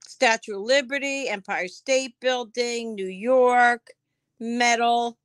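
A woman's voice: on the high side, takes it slowly, clear, resonant tone, no echo. A woman selling items on a live stream auction, chatting casually, describing each piece as she handles it and answering viewers by name.

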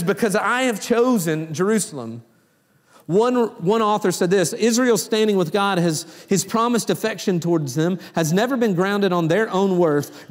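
Fairly high-voiced preacher in echoing church. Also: male voice. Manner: dynamic preaching, swinging between hushed low lines and raised exclamations. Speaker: pastor. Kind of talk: sermon. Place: church sanctuary. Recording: long reverb in a church hall.

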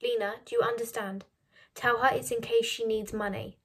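A tired middle-aged father speaking low and firm, giving orders in a husky hush, as a woman puts him on. His voice is raised a touch and breathy. It comes from a storybook read aloud. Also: steady tone, moderate pace. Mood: hushed urgent. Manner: low and hushed, firm instructions. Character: worn-out middle-aged father, calm and urgent.

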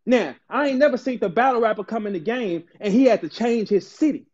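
Loud, profane St. man ranting. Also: very high-pitched, animated, muffled recording. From St. Louis, Missouri. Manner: loud, aggressive, profane, rapid repetition. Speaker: battle rapper ranting on a stream. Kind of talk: heated profane rant.

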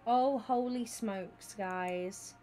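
Young woman, Twitch streamer, excitable and rambling, greeting chat by name. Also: medium pitch, very slow, soft background music. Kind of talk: casual livestream chat with viewers.

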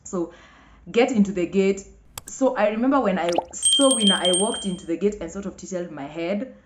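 A young Kenyan woman telling a personal story to camera, animated and acting out what others said. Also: normal speed, very noisy. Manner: animated, acts out others' lines with big pitch jumps. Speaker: vlogger. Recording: echoey room, muffled lo-fi sound.

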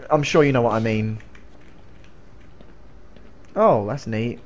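A man's voice: medium pitch, slow pace. A young man streaming a game, rambling and joking casually with a voice that sounds strained. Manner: rambling, joking, coughing between lines.

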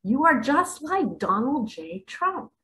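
A woman preaches slowly in a bright, lively voice. She asks rhetorical questions and swings between hushed asides and sudden loud exclamations. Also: high voice, rough recording. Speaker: self-styled spiritual guide. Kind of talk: preaching monologue to camera.

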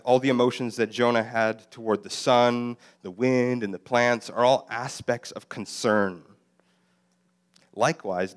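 A man preaching a sermon as a guest speaker, explaining the Hebrew text with fillers and self-corrections and quoting lines in a livelier voice. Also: mid-range voice. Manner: voices God and Jonah in lively quoted lines.

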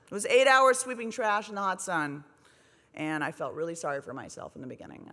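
A woman in her forties tells her own story on stage in a wry, self-deprecating way, keeping things animated and funny. Her voice carries a long reverb from a large hotel ballroom. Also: fairly low pitch, fairly quick. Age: 40s. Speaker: speaker. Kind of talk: comedic speech at a gala.

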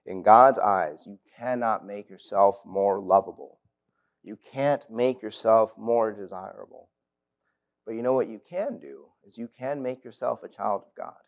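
In a church auditorium, a man in his thirties or forties preaches at youth lectures, earnest and personal, weaving in stories about his own family. His voice is on the low side and his pace measured.

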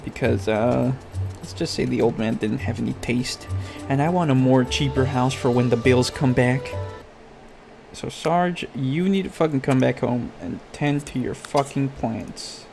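A gravelly, medium-pitched male voice speaks at a measured pace over music. The gaming YouTuber swears without letup, ranting at and reprimanding his game character in crude Let's Play commentary.

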